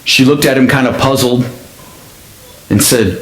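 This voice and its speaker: A male pastor telling a story in a sermon, with an expressive delivery that speeds up and slows down. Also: medium pitch. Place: church sanctuary. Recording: echoey church sanctuary.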